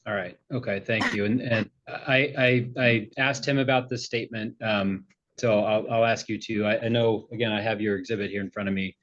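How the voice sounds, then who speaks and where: A low-pitched man serves as judge, questioning witnesses in a courtroom hearing. He halts often and fills pauses with um and uh. The audio is muffled and lo-fi. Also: fairly even intonation, a bit bright. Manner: halting, many fillers.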